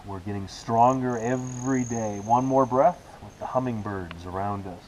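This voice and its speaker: A man teaching a beginner yoga class, calling out poses and breaths in relaxed, encouraging cues with casual asides. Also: mid-range voice, normal speed, a little hiss or hum, poor audio. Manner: relaxed, encouraging cueing with self-aware asides. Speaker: yoga instructor. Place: outdoors with rain and hummingbirds about.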